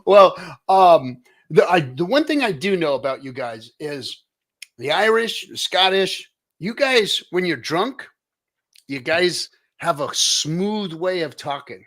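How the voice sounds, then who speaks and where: A middle-aged American man with a voice pitched a bit higher than most men runs a casual live-stream chat. He rambles with plenty of fillers and restarts, jokes around and hypes up his guest. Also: sing-song, slow, fairly bright tone. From United States. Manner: jokey and hyped. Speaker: show host.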